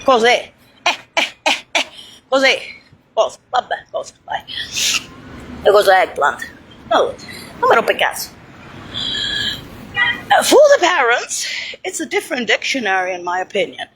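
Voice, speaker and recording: A woman's voice: a little high, sing-song, moderate pace, long pauses, fairly bright tone, slight background noise. A woman in a heated, rambling monologue, swearing and dropping Italian phrases as she talks.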